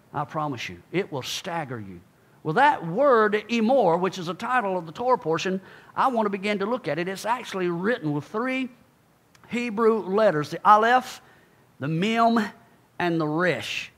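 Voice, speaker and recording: A man delivers a sermon, calling out emphatically to his congregation, then lowering his voice to a quiet murmur for asides.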